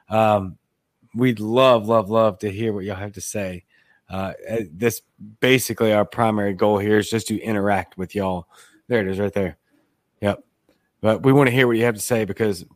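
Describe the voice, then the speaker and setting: A man's voice: on the low side, no room sound. A man hosting a casual live call-in chat, rambling and joking in a dry way. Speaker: show host.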